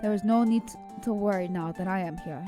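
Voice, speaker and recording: A woman's voice: mid-range voice, a little fast, over music, natural voice. Woman doing an imperious young prosecutor. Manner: commanding, clipped. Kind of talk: reading game dialogue aloud.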